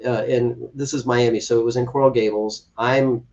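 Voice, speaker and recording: Man, podcast guest, earnest storytelling, medium pitch, distant mic, dull sound. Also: steady tone, moderate pace, darkish tone. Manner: earnest, acts out quoted dialogue. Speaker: podcast guest, adoptive father. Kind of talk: emotional storytelling in an interview.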